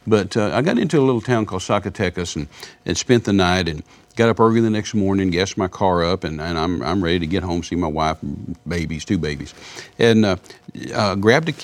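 A man telling a personal testimony in conversation, animated, with frequent repeated words. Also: low voice, fairly quick.

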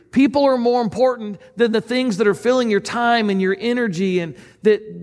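A man's voice: high voice, gravelly, darkish tone, big-room sound. A man preaching a sermon as pastor, speaking in a conversational, earnest way and asking the listeners questions.

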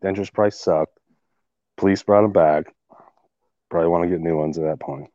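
A man's voice: deep voice, fairly even intonation, brisk, mellow, no echo. A man with a mid-range voice trades laid-back jokes as a co-host on a casual stream. His mic sounds dull and a little muffled, with a dry, close sound. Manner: joking, laid-back banter. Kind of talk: casual live-stream chat.

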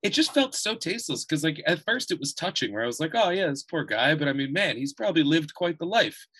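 Bright-sounding guy cracking jokes and telling stories on a podcast, pretty animated. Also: fairly high pitch, fast talker, slightly rough. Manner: animated, jokey storyteller who swears freely. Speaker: podcast co-host. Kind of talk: casual chat.

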